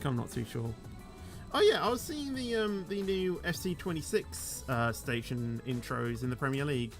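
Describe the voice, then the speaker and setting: A game streamer with a slightly bright, higher-leaning male voice chats casually on his livestream. His talk meanders, peppered with "you know," with a rise at the close of each sentence.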